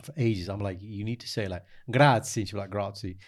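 A man's voice: steady tone, fast talker, darkish tone. A man from the United Kingdom with a London accent, co-hosting a casual podcast and telling stories playfully. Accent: London English. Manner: playful storyteller, drops to a low murmur. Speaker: podcast co-host.

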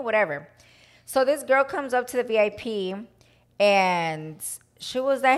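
A fairly high-pitched woman in her thirties chatting casually as a podcast co-host. She tells her story with energy and imitates the voices of the people in it, slipping in Spanish phrases between her English sentences. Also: normal speed. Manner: animated storytelling, acts out quoted voices, mixes in Spanish phrases. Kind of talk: casual chat.

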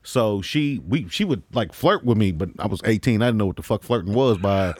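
A man's voice: lowish voice, expressive, a little fast, darkish tone, no room sound, clean studio sound. A man on a casual podcast telling crude, rambling anecdotes with frequent laughter. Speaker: comedian.

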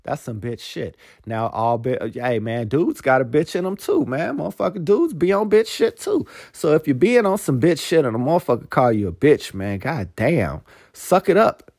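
A man's voice: a little high, very animated, moderate pace, few pauses, darkish tone, no echo, studio quality. A man hosting a casual podcast monologue, profane and rambling. He tacks "man" onto nearly every phrase and turns heartfelt and choked up at times. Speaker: podcast host.

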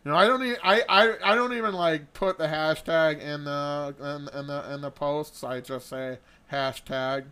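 A man's voice: fairly high pitch, normal speed, few pauses, sharp tone, clean tone. A man co-hosting a podcast, joking in casual, offhand banter. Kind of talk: casual chat.

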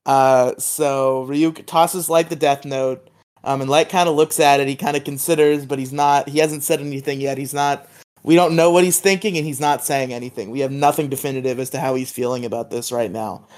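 Co-hosting a podcast, this man recounts a TV episode scene by scene in a chatty, filler-heavy way. His mid-range voice is a little mellow, fairly even in intonation, and fairly quick.

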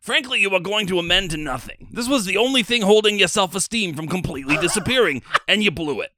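A man's voice: high voice, expressive, fast talker, dry recording, pitched above the performer's own voice. A man voicing a brash, insulting film director in a comedic reading. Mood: scornful. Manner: loud, insulting, theatrical.

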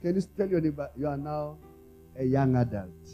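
A man preaching a sermon to a congregation in call-and-response style. He drops to quiet, low asides and then rises to loud exhortation. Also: lively intonation, normal speed, dull audio, faint music behind. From South Africa. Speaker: apostle preaching.

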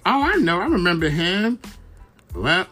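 A man's voice: high voice, big pitch swings, measured pace, pushed and bright, faint music behind. A young man from Brooklyn, hosting a casual, rambling gossip monologue full of fillers and swearing. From Brooklyn, New York. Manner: chatty, profane, rambling with many fillers. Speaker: podcast host.

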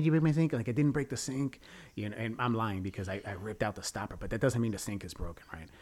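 Guy podcast host, mid-pitched voice, rambling crude stories, really animated. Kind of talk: casual storytelling.

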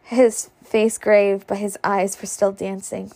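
A woman reading a novel aloud in a relaxed, unpolished way, with a gravelly, creaky voice. She trips over words from time to time and keeps going. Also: medium pitch, slow. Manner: stumbles and laughs at slips. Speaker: reader. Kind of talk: casual audiobook reading.

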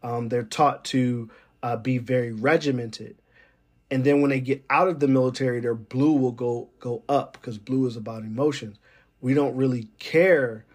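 A man's voice: medium pitch, steady tone, moderate pace, husky. Rambling man musing with wry laughs. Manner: rambling, digressive, many fillers. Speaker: military weather forecaster. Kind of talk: casual monologue.

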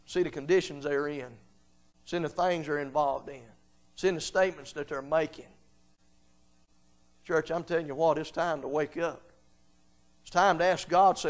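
A man with a high-pitched voice preaching a revival sermon. He drops into low, quiet pleading, then climbs into loud, urgent exhortation. His speech is plain and folksy, and his lines carry a pulpit rhythm. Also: steady tone, moderate pace. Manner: folksy Southern-style grammar, "ain't", "I seen".

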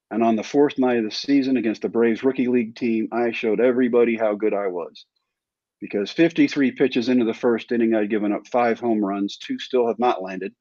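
A man's voice: mid-range voice, dark tone, dry recording. Wry storytelling man from Texas. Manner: self-deprecating, wry storytelling. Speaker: interview guest, former pro baseball player. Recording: dry, slightly dull recording.

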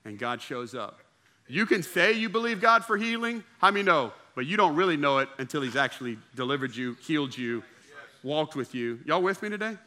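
A man's voice: on the high side, expressive, fairly quick, pushed and bright. A young adult man, preaching a sermon as pastor and calling out to the congregation. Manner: emphatic preaching, calls out to the congregation.

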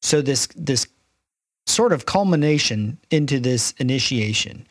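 Casting: middle-aged male co-host, medium pitch, halting faith chat, dry close mic. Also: expressive, no room sound. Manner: halting, many restarts. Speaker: podcast co-host. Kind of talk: casual faith discussion.

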